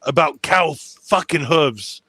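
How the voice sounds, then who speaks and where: A man's voice: fairly high pitch, expressive, slow, sharp tone, no room sound. A man hosting a casual podcast chat, rambling and self-mocking, laughing often. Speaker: podcast host.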